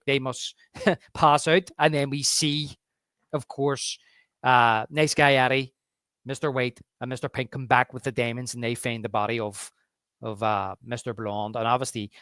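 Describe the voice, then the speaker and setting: This podcast co-host talks casually about a film, retelling favourite scenes with obvious relish, in a medium-pitched, fairly bright voice. The clean studio recording has no echo.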